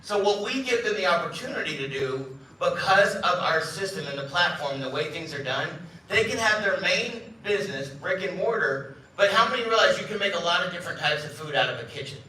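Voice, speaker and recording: This live event speech comes from a middle-aged company head who jokes, tells stories, and acts out the voices of people he quotes for an audience in a large event room. He sounds high-pitched, animated, bright, and forceful, talking briskly with hardly any pauses. There is a little hiss or hum, the room echoes, and he stands far from the mic.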